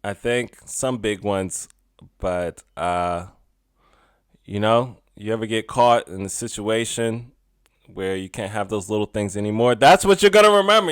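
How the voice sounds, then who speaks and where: A young adult man hosting a solo podcast in a casual, chatty way, laughing often and drifting between loud asides and quiet musing. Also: lowish voice, a little slow, clear, resonant tone, no echo, clean studio sound. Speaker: podcast host.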